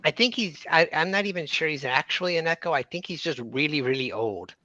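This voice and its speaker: A man with a bright voice chats casually during a tabletop game, restarting his sentences and swearing now and then. His voice comes through a dull, muffled microphone. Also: a little high, lively intonation, brisk, dry recording. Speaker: player.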